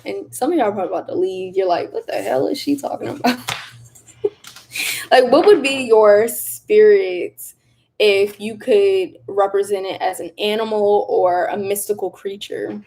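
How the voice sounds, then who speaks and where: A young woman with a medium-pitched voice hosts a casual livestream chat. She reads viewer comments aloud in a chatty, animated way and laughs often.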